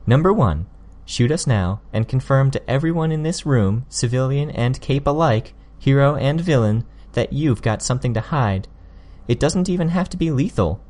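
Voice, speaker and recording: A man reading an audiobook, voicing a sly, smug young woman who needles her opponents with quick, pointed jabs. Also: mid-range voice, animated, darkish tone, voice pushed up, close to an everyday voice. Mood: taunting.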